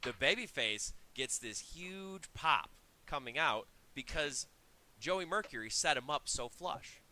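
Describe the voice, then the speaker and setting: A man's voice: on the high side, expressive, a little slow, sharp tone. A man co-hosting a wrestling podcast, telling a story in a chatty way with restarts. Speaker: podcast co-host. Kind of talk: casual chat.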